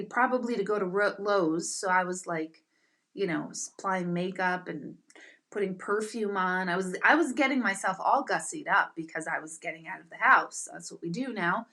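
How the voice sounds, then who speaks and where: A middle-aged woman hosting a live chat with her viewers, telling stories in an animated, excitable way with bursts of loud exclamation. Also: medium pitch. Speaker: livestream host.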